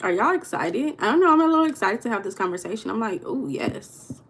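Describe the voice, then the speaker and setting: A woman's voice: fairly high pitch, expressive, fast, fairly bright tone, slight background noise. A young woman hosting a casual livestream, talking loosely and greeting viewers in the chat by name. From United States. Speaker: livestream host.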